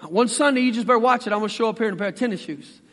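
A man preaching a sermon as pastor, folksy and animated, acting out the voices he quotes. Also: high-pitched, racing, long reverb tail.

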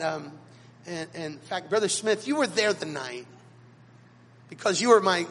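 Man, pastor, sermon, dramatic storytelling, high voice, long hall reverb. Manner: dramatic storytelling with big swings in loudness. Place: church sanctuary.

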